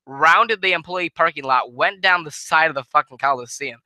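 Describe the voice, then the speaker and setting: A man's voice: a little high, lively intonation, moderate pace, bright, forceful tone, no echo. A tired man giving a casual, rambling review of a wrestling show, swearing and restarting his sentences often.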